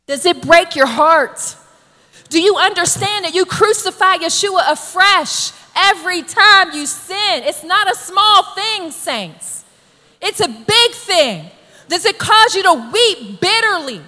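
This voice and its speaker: A woman preacher delivering an emphatic, exhorting sermon that builds to shouted calls to the congregation. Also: extremely high pitch, expressive, measured pace, long reverb tail.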